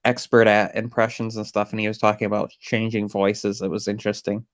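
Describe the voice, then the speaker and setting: A man's voice: lowish voice, flat delivery, brisk. A man from Michigan with a Michigan accent, chatting casually and explaining things at length in a playful way. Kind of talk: casual chat.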